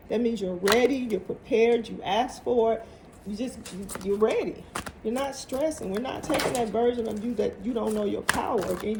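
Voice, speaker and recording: A woman's voice: mid-range voice, vocal fry, noisy background. A woman giving a casual tarot reading to viewers, emphatic and motivational, often repeating her phrases. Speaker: tarot reader.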